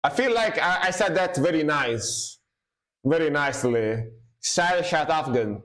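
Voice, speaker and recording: Man, music reaction streamer, slow unhurried talk, casual chat, sounds out words, excited outbursts. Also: fairly high pitch. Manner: slow, musing, fumbles pronunciations aloud; excited exclamations over the music.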